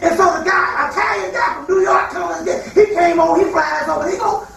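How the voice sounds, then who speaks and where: A man giving a freewheeling spiritual lecture, emphatic and profane, with mocking asides and quick put-on quotes. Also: very high voice, vocal fry, a bit bright, soft background music. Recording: echoey hall, far from mic.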